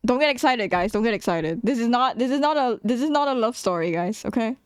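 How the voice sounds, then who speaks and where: A young adult woman casually telling a story about her school days, animated, laughing often and swearing freely. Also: a little high, brisk, clear, resonant tone, no room sound.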